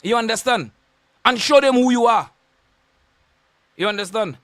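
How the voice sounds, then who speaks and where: Very high-pitched Saint Lucian man ranting. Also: lively intonation, normal speed, a bit bright, no echo. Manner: confrontational, insulting, repetitive warnings. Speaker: radio host. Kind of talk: on-air rant.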